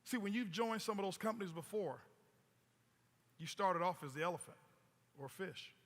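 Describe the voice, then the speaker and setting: High-voiced emphatic man on stage. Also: lively intonation, normal speed. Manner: storytelling, emphatic, repeats words. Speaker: motivational speaker. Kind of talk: stage presentation. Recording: long hall reverb.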